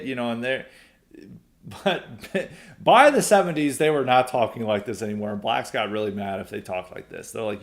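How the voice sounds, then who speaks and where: With lively intonation at a normal speed, a young adult man hosts a podcast and responds to listener letters. His medium-pitched delivery is rambling and casual, full of filler words and restarted sentences.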